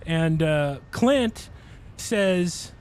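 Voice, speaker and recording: A man's voice: fairly high pitch, animated, extremely slow, darkish tone, smooth. A man streaming a game, chatting casually and telling a long rambling story with frequent laughs. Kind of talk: casual chat while livestreaming a game.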